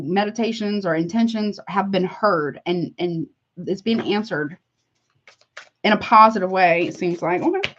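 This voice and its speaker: Heartfelt, chatty woman tarot reader, middle-pitched voice, slightly dull lo-fi sound. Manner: chatty, heartfelt, calls listeners honey. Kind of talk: casual tarot reading to viewers.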